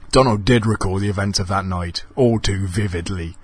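A man's voice: low-pitched, moderate pace, few pauses, breathy edge, no room sound. Brief: male narrator of a silly ghost story, dry close sound.

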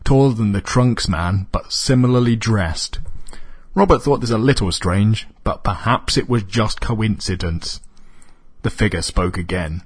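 A man reading a comic story aloud as narrator, in a deadpan manner. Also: on the low side, unhurried, slightly rough.

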